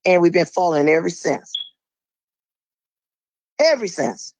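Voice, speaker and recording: A middle-aged woman calling in and speaking in a forceful, emphatic, preachy way. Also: fairly low pitch, very animated, slow, no room sound, poor audio. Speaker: caller. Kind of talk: impassioned monologue.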